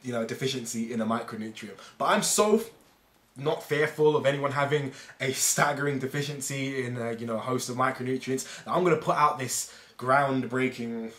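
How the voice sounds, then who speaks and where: A man's voice: mid-range voice, brisk, a bit bright. A man talking casually to camera as a fitness vlogger, rambling and fond of analogies. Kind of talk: casual explainer monologue. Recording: echoey room.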